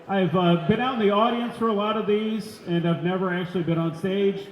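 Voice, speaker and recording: A man's voice: high-pitched, brisk. A man hosting a live radio broadcast from an event center, chatty and upbeat with light jokes. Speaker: radio host. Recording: echoey hall, long reverb.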